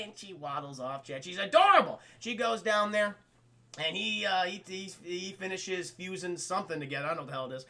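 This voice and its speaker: A man with a very bright, high voice and a gravelly edge talks his viewers through a film review. His chat is casual and animated, with free swearing and acted-out scenes. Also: a little fast. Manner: animated, swears freely, acts out scenes with exclamations. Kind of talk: casual spoiler review chat to a live stream audience.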